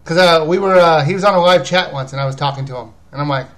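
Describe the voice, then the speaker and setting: A man's voice: fairly high pitch, quick pace, few pauses. A man hosting a casual live video chat, rambling as he answers viewers' questions about games. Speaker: video game reviewer and host.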